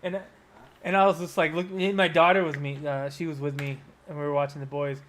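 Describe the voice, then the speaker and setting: A man in his thirties co-hosting a podcast, telling stories in casual chat, animated and swearing freely. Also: a little high, a little fast, slight background noise. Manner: animated storyteller, swears a lot. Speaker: podcast co-host.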